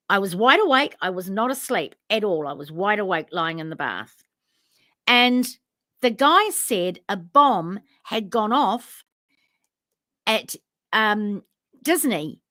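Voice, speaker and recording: A New woman telling a personal story on a chat show, her voice bright and ringing and swooping up and down as she plays out each side of the exchange. She sits a little higher than most women, and the sound is close and dry. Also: dry recording. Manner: animated, acts out both sides of remembered conversations. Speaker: podcast co-host.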